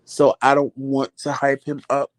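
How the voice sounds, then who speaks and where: A man hosting a vlog, telling a story in casual chat, animated and sassy, acting out the back-and-forth and calling listeners "child" and "honey". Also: medium pitch, measured pace, dry recording. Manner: animated storytelling, acts out quoted exchanges. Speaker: vlog host.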